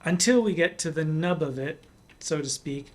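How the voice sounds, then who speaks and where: A man performing in drag hosts a literary podcast. He discusses poems with cheeky, playful asides and slows down to savor key words. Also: fairly high pitch, expressive.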